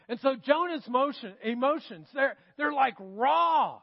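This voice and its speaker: A man preaching a sermon as pastor, animated and asking his congregation questions. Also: very high-pitched, measured pace, creaky, hardly any pauses, lo-fi sound. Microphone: handheld or stand mic that slips.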